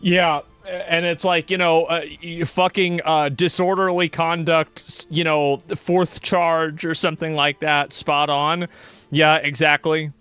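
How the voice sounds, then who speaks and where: A man's voice: fairly high pitch, flat delivery, measured pace, a bit bright, clean tone, dry recording. A man streaming a casual reaction commentary, rambling and swearing with many fillers as he argues and explains his point of view.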